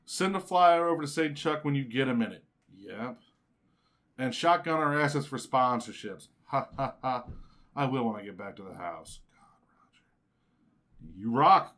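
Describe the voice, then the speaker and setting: A man co-hosting a loose, casual chat with a friend. His pitch swings widely as he gets excited, he curses freely, and he slips into playful mimicry of other people. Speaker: podcast co-host.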